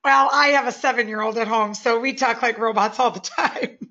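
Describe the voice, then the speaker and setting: A woman presenting a software webinar walkthrough, friendly and explaining step by step. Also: fairly high pitch, steady tone, fairly quick, dull audio.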